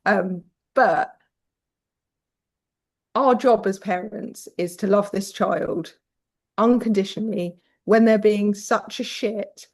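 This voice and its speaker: A woman's voice: mid-range voice, slow, pauses often, a little mellow. A British woman guest telling parenting stories frankly, swearing casually and acting out quoted voices. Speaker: podcast guest. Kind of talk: candid conversational storytelling.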